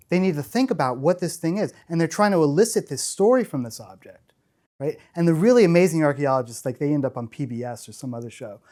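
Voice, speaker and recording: Speaking on the high side with a touch of mellowness, a middle-aged man gives a keynote built on storytelling. He's an eager, rambling conference speaker who often begins his sentences again.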